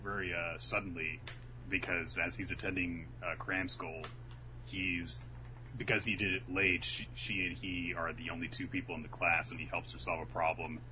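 A man chatting casually and rambling through a story recap, acting out quotes in quick voices. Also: low voice, level tone, background noise. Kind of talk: casual chat recapping a manga.

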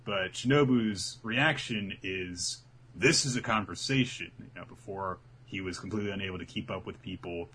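A man's voice: deep voice, normal speed, pushed and bright, slight background noise. A man casually recapping episodes as a podcast co-host, acting out the characters' lines as he tells the story. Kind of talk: casual chat.

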